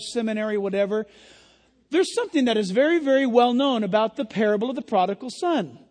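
A man pastor preaching an impassioned sermon, often yelling and emphatic. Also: extremely high pitch, big-room sound.

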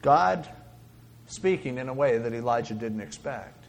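A man preaching a sermon, dramatic, swinging between loud exclaiming and hushed whispering. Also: medium pitch, lively intonation, unhurried, vocal fry.

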